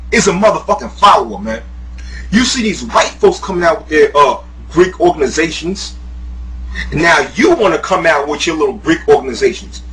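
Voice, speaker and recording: A man's voice: fairly high pitch, a bit bright, a little hiss or hum, low-quality recording. A man delivering a profane, heated video rant, mocking and laughing as he goes. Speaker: YouTuber, guest. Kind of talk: profane ranting monologue.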